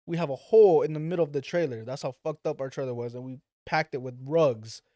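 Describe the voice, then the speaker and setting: A man's voice: medium pitch, fast, no echo, clean studio sound. A man telling a story as a podcast guest in a loose, profane way, voicing the people in it. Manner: animated, profane, acts out quoted voices. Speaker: father of daughters. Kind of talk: casual storytelling.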